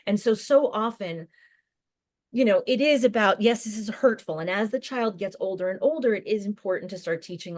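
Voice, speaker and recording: A woman counselor speaks as a podcast guest, explaining at length in quick bursts with frequent restarts. Her mid-range voice is recorded close and dry. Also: mid-range voice, darkish tone, no room sound. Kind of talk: conversational podcast interview.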